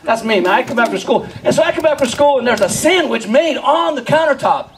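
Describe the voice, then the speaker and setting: A male stand-up comedian with a high voice tells a story live at a brisk pace, laughing often, acting out scenes and repeatedly asking the crowd questions. The audio is poor, with a little hiss or hum.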